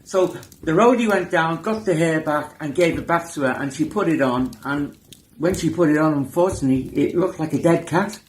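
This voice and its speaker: A man, a band member, telling a comic tour anecdote and jumping into high impressions as he goes. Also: brisk, background noise. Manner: animated storyteller, jumps into high impressions. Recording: roomy echo.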